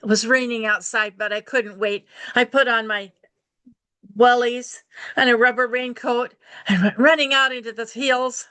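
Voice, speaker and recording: A woman tells a fairy-tale-like story with animated delivery. Her voice sits a little high and jumps even higher when she voices characters. The sound is dry and close. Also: normal speed, clear, resonant tone, no echo. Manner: lively, shifts pitch for characters' lines. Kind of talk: oral storytelling performance.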